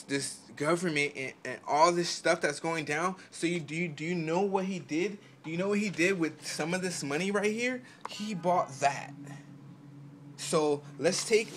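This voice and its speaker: A man ranting in a profane vlog, stammering through restarts and swinging into loud outbursts. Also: a little high, slight background noise. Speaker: vlogger giving selling advice.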